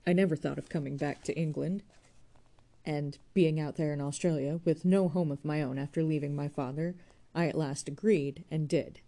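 Woman doing a blunt worldly young woman, storybook reading, brisk, forceful, dark low voice. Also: fairly even intonation. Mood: confiding.

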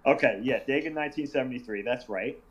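A man in his forties, a podcast guest, talking in an animated, enthusiastic casual chat. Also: mid-range voice, fast talker, highs cut off.

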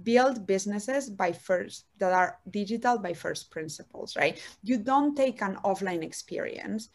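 Animated woman with a Spanish accent. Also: mid-range voice, unhurried. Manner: animated, effusive, acts out little dialogues. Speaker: venture capital investor, guest. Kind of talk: casual interview chat. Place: calling in from home. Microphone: video call.

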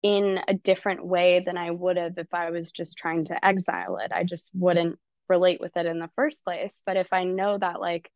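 A woman's voice: fairly low pitch, flat delivery, normal speed, few pauses, darkish tone, no room sound, highs cut off. A woman coach talking casually, swearing freely and acting out her own inner dialogue in quoted bits. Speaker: coach and guest. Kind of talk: casual podcast conversation.

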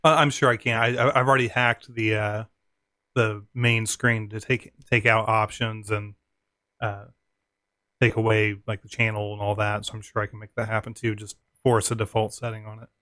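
A man's voice: on the low side, level tone, normal speed, pushed and bright, no echo. A man co-hosting a casual podcast, easygoing and laughing often while explaining technical setup steps. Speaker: podcast co-host.

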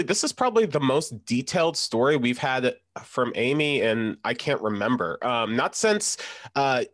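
A man of middle pitch talking things over in a thoughtful, conversational way. His voice is recorded dry and close, with no room sound. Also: a bit bright, no room sound. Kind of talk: casual discussion.

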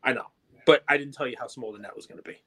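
A man co-hosting a podcast, chatting about sports in an excitable, jokey, rambling way. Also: medium pitch, very fast, breathy edge. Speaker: podcast co-host. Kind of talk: casual sports chat.

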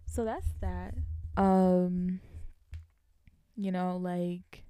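A woman's voice: lowish voice, extremely slow, clear, resonant tone, no room sound, clean studio sound. Young woman venting in a casual storytime. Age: young adult. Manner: animated, venting, laughs between lines. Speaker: college student vlogger. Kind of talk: casual storytime chat to viewers.

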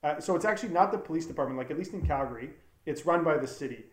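A man's voice: fairly high pitch, lively intonation, rapid-fire. Earnest, rambling man in a roomy room. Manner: rambling, many fillers and restarts, earnest. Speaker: documentary filmmaker. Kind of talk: casual interview talk. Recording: roomy echo.

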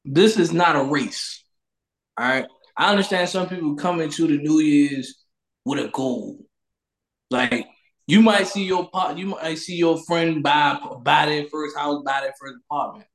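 A man's voice: on the high side, a little slow, echoey room. A man hosting a casual talk show, speaking loosely and preachily and repeating his catchphrases. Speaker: podcast host. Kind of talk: casual chat.

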